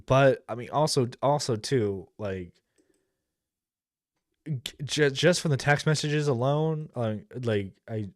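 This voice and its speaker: A man's voice: mid-range voice, takes it slowly, no echo, clean studio sound. A man giving casual, rambling commentary as a streamer reacting to a video, with lots of fillers and blunt profanity.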